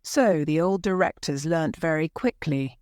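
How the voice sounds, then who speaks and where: Low-voiced woman reading a story for learners, super slow and clear, dry close sound. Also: darkish tone, no room sound. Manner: slow, careful. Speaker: narrator. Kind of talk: graded reader narration for learners.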